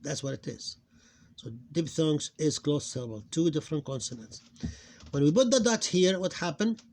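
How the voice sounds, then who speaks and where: A man teaching a phonics lesson, slowly repeating each syllable and stressing it loudly. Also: on the high side, expressive. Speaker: Arabic teacher.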